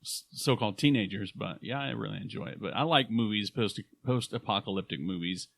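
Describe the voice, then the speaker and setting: A man co-hosting a travel podcast, joking and animated in casual chat. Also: on the low side, fairly quick, gravelly, no room sound. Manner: joking, animated, trails off mid-sentence. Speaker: podcast co-host.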